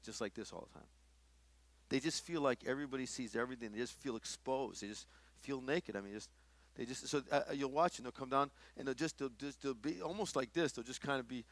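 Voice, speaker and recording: A man's voice: medium pitch, a bit bright, no room sound. A middle-aged man teaching a workshop in a conversational sermon style, often restarting his sentences. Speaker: workshop speaker.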